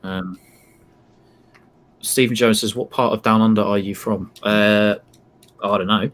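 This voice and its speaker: A man's voice: fairly low pitch, steady tone, measured pace. A man co-hosting a live football watch-along, talking in a rambling, hesitant way. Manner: rambling, hesitant, lots of plugs. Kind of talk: casual live stream chat.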